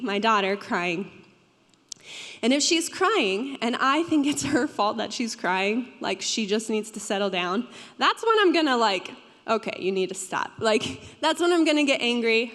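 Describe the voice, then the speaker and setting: Young woman pastor, slightly high voice, conversational sermon, long hall reverb. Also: lively intonation, normal speed, fairly bright tone. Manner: conversational, asks the audience questions. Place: church hall.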